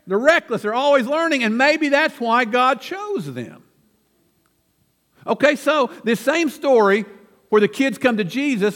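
A man's voice: very high-pitched, a bit bright, in a large hall. An older man preaching a sermon, telling folksy, self-deprecating family stories from the pulpit in a church. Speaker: pastor. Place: church sanctuary.

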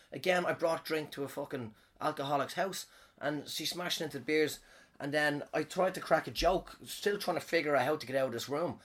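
Husky, fairly high-pitched and a bit bright, this male comedian and podcaster spins a loose, meandering story, cursing heavily and often breaking off mid-thought to restart.

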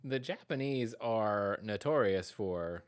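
A man hosting a podcast in casual chat, expressive, swinging between bursts of laughter and soft asides. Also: fairly low pitch, takes it slowly, dry recording. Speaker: podcast host.

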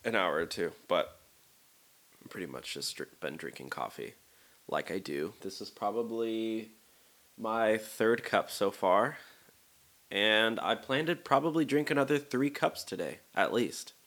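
Young guy rambling thru his podcast, lowish voice, lots of ums, pokes fun at himself. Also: unhurried, a bit bright. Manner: rambling, self-deprecating, filler-heavy. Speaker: podcast host. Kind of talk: casual solo podcast chat.

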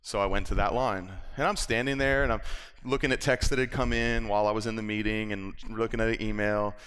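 A man's voice: fairly low pitch, fairly even intonation, fairly quick, a bit bright, smooth. A man preaching, telling a personal story with acted-out quotes and laughter. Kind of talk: sermon storytelling. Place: church.

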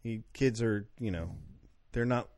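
A man's voice: fairly low pitch, unhurried, a little mellow, dry recording, studio quality. A man co-hosting a casual podcast, telling a story about himself and laughing at his own behavior. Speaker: podcast co-host. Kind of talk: casual chat.

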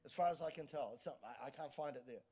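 A pastor preaching a sermon energetically, often restarting words and calling for amens. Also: male voice, mid-range voice, quick pace, husky. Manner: energetic, frequent restarts and stammers, calls for amens.

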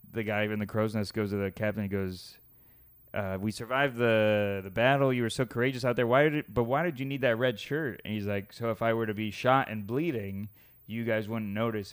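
A man's voice: on the low side, smooth. A man in his thirties chatting casually on a podcast, rambling through a joke. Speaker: podcast host. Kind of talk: casual chat.

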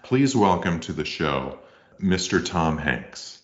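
A man co-hosting a podcast, making halting, mock-grand introductions. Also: low voice, big pitch swings. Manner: hesitant, faux-grand introductions with fillers. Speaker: podcast co-host. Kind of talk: deadpan comedy bit. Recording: slightly muffled lo-fi audio.

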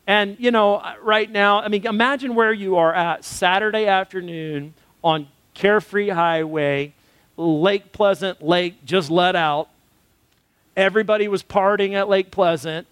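A man's voice: high voice, a little slow, a bit bright, smooth, dry recording. A man, a pastor, preaching a sermon built around a personal story, earnest and conversational.

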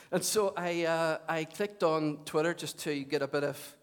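Lively pastor preaching. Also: male voice, on the high side, normal speed, smooth. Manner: chatty and lively, with joking asides. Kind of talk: sermon.

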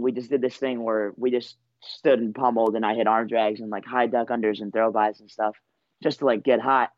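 A man's voice: lowish voice, no room sound, lo-fi sound. A young man in his twenties, a wrestler being interviewed, telling his story in a laid-back, rambling way full of fillers. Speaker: wrestler guest.

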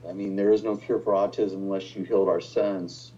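A middle-aged man with a low, warm voice tells a personal story as a pastor, often stumbling over and restarting his sentences. The sound is slightly dull and lo-fi. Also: level tone, fairly quick. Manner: emotional storytelling with many restarts. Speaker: pastor, guest. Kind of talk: personal testimony in conversation.

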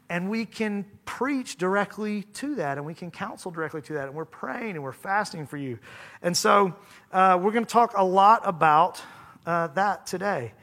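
A man in his thirties, a pastor, preaching a sermon in a church, his voice hoarse from singing and his delivery conversational with self-deprecating humor. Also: sits high, lively intonation, moderate pace, fairly bright tone. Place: church sanctuary.

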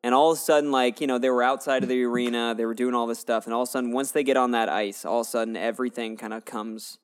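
A man's voice: mid-range voice, steady tone, racing, clear, resonant tone. A man co-hosting a casual movie discussion, playful and teasing with jokey asides. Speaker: podcast co-host.

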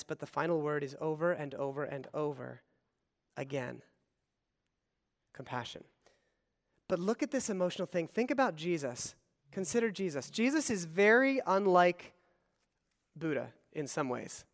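High-voiced preacher in a reverberant hall. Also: male voice. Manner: swings between loud emphatic reading and quiet asides. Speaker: pastor. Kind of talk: sermon.

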